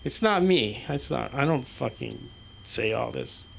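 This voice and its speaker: A man doing stand-up in a small comedy club, rambling and halting, swearing constantly. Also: medium pitch, lively intonation, gravelly, fairly bright tone, a little hiss or hum. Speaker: stand-up comic. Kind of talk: stand-up set.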